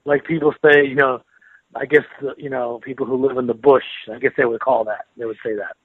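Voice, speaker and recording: An American man being interviewed as a metal guitarist, chatty and relaxed, laughing often and repeating words as he thinks. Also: mid-range voice, brisk, husky, no echo. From United States. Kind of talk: casual phone interview. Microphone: phone. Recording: tinny dry phone line.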